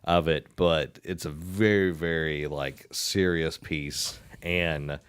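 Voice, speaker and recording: A man's voice: extremely low pitch, fairly even intonation, takes it slowly, smooth, no room sound, clean studio sound. A man with a Southern US accent, a school band director chatting casually on a podcast in a rambling way with many fillers.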